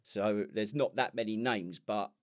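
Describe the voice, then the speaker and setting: Brief: middle-aged English man, lowish voice, rambling sweary podcast banter, dry close sound. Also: unhurried, no echo. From England. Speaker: podcast co-host. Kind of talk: casual chat.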